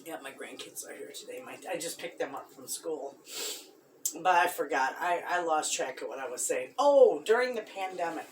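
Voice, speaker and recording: A middle-aged woman, chatting to her viewers in a halting, somber way with many restarts. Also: low-pitched, animated, recorded from a distance, slight background noise. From Michigan. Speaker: homestead vlogger. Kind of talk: casual chat to viewers.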